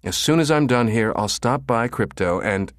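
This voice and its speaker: A man's voice: mid-range voice, expressive, normal speed, no room sound, pitched above the performer's own voice, lightly acted. A man doing a wisecracking, grumbling tech guy. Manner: dry, sarcastic, grumbling. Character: grumbling, wisecracking male computer technician.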